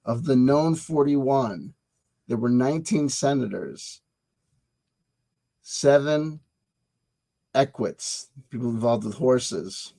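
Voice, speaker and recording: Taking it slowly with frequent pauses, this channel host has a mellow, medium-pitched voice. He rambles jokingly through dates and history, wandering off topic, talking back to himself, and stumbling and repeating words.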